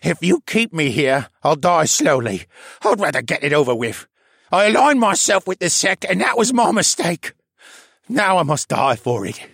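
A gravelly, husky bird-creature prisoner, put on by a male audiobook narrator, swinging from sneers to stammering pleas. The voice sits high and swoops widely. The sound is dry and close, with no room. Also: sing-song, normal speed, fairly bright tone, dry recording, exaggerated voice. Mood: desperate. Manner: sneering, then pleading and stammering. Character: battered male bird demi-human prisoner, bitter and desperate. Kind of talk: audiobook character voice.

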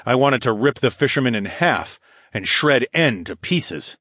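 A man narrating a first-person fantasy audiobook in a steady, even storytelling manner. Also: medium pitch, a little slow, no echo, clean studio sound.

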